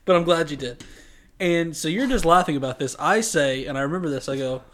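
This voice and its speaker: Young male co-host, casual chat, teasing, a bit higher-pitched. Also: fairly quick, a bit bright, a little hiss or hum. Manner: teasing, laughs often. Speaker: podcast co-host.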